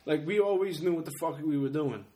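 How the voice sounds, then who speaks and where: A man hosts a casual podcast and butts in with crude jokes and quick asides. His voice sits a little high for a man. He talks loose and playful. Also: mellow. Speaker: podcast host. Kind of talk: casual chat.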